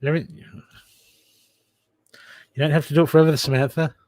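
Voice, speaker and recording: Brief: a male livestream card reader, a bit higher-pitched, familiar and chatty, dry close mic. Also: steady tone, a little fast, a little mellow, dry recording. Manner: chatty, calls viewers darling and mate. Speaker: live tarot card reader. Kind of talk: casual livestream chat.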